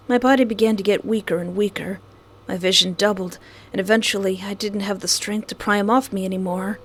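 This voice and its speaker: A woman's voice: medium pitch, steady tone, moderate pace, over music. A woman reading a visual novel aloud, breaking into dramatic, jokey outbursts between the lines of narration. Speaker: gaming video creator.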